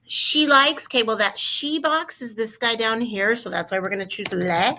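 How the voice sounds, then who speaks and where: A woman walks her students through a Spanish grammar lesson recorded at her computer. Her voice is bright and forward, and she keeps an upbeat coaching tone, often putting questions to the class. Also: a little high, moderate pace, hardly any pauses. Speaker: Spanish teacher. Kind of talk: recorded screen-share lesson.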